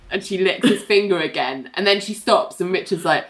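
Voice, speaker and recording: A woman's voice: lowish voice, fairly quick, few pauses, slight background noise. A young woman casually recapping a TV episode, acting out the characters' lines and swearing freely. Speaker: podcast co-host recapping a TV show.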